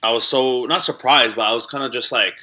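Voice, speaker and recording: A man's voice: mid-range voice, fairly even intonation, fairly quick, sharp tone. A young man, a comedian, chatting as an interview guest in a rambling way, full of likes and restarts. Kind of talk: casual interview chat.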